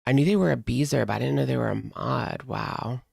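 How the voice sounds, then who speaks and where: Chatty male streamer, heavy vocal fry, dry close sound, casual, filler-heavy. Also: mid-range voice, a little fast, darkish tone, no echo. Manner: chatty, frequent "like" fillers, laughs often. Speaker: livestream commentary host. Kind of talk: casual chat reading viewer comments.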